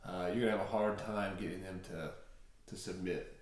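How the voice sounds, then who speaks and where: A middle-aged man co-hosting a parenting talk, speaking in a measured way with frequent fillers. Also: low voice, fairly even intonation, far from the mic. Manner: measured, with many fillers and restarts. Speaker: parenting blog co-host. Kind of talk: casual advice talk. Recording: very echoey room.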